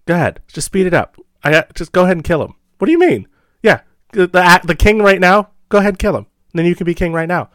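A scheming wife pushes her husband toward a killing in a casual, coaxing tone, voiced by a man. The voice sits a little above his usual pitch, smooth and clear, in a dry close sound. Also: quick pace, a bit bright, dry recording. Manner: pushy, coaxing, offhand. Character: scheming woman urging her husband to murder.

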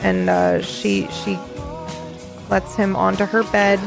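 A woman's voice: medium pitch, big pitch swings, slow pace, gravelly, music in the background. A woman co-hosting a casual rewatch podcast, chatting and narrating scenes. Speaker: podcast co-host.

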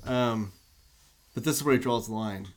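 A man's voice: mid-range voice, moderate pace. A man in casual podcast chat, recapping a film with laughter and loose impressions of its characters. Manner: animated, laughing, acts out movie lines in loose impressions. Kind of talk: casual movie discussion.

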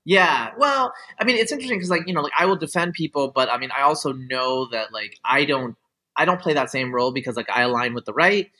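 Bright-voiced man rambling with fillers. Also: mid-range voice, expressive, fast. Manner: rambling, heavy on "like" and "you know" fillers; opinionated, explaining his views at length. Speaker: guest scientist. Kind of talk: casual conversational interview.

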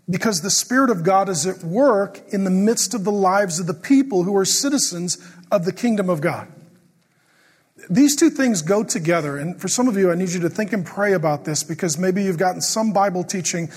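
Middle-aged pastor guy preaching, kinda husky and fairly high, long echo in a big hall. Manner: joking storyteller who turns quiet and earnest in prayer. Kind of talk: sermon.

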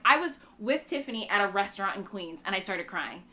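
A woman's voice: medium pitch, lively intonation, a little fast, sharp tone. A woman who works as a stage actor, telling a candid personal story in a casual chat. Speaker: actor, podcast co-host.

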